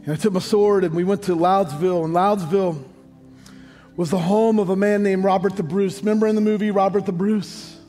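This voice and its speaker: A man's voice: sits high, steady tone, fairly quick, mellow. An American man preaching a sermon as pastor, telling stories with joking asides and building to sung emphasis. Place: large church hall. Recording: long hall reverb, faint music.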